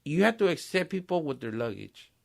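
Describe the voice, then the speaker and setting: A man's voice: a little high, sing-song, a little fast, vocal fry. A man, hosting a casual podcast chat and talking streetwise slang with Spanish phrases and swearing. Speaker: podcast host.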